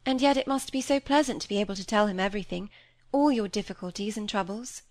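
A woman's voice: mid-range voice, fast, a little mellow, no room sound, close to an everyday voice. A woman voicing a serious, earnest young woman who speaks sincerely and firmly.

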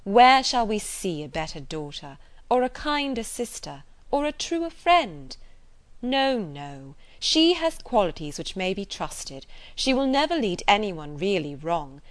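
A woman reading the part of a gentle, kindly middle-aged lady in an audiobook, speaking earnestly. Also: medium pitch, sing-song, a little slow, no echo.

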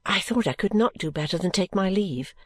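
A woman reading a classic novel aloud in a measured, even storytelling manner. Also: medium pitch, no echo. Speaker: audiobook reader.

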